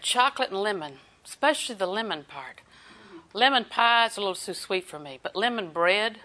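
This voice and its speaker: Older female preacher, bright tone, folksy and chatty. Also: medium pitch. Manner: folksy, chatty, laughs often. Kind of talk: sermon.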